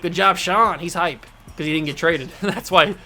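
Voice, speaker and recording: A man hosting a gaming channel, giving excitable play-by-play commentary on his own baseball video game, talking to himself and to the game as he plays. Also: a little high, normal speed, soft background music.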